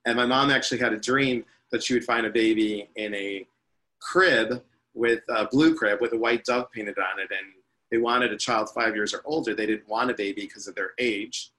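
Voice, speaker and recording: Man, fifties, interview guest, chatty, rambling, bright voice. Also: fairly low pitch, moderate pace, rough recording. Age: 50s. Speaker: guest, spiritual teacher. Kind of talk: personal storytelling in interview.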